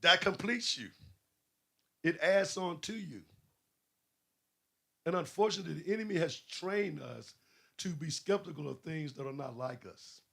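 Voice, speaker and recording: A man's voice: on the high side, unhurried, vocal fry, pauses often, pushed and bright, slightly rough. A man preaching a sermon, questioning his listeners and building emphasis. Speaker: pastor.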